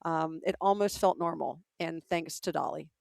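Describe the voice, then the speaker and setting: A woman's voice: low voice, moderate pace, creaky, dry recording. A middle-aged woman from the American South, co-hosting a podcast and telling anecdotes in casual chat, acting out the voices of people she quotes. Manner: animated storyteller, acts out quoted voices. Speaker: podcast co-host.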